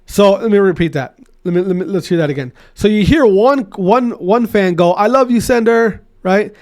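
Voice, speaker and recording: A man's voice: high-pitched, normal speed, darkish tone. A man hosting his own podcast, ranting in a loose, repetitive way with many restarts. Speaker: podcast host. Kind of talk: solo podcast rant.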